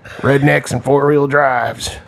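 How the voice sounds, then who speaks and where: A man's voice: mid-range voice, fairly even intonation, slow pace, creaky. A man in his forties, rambling and wisecracking with lots of swearing in casual chat.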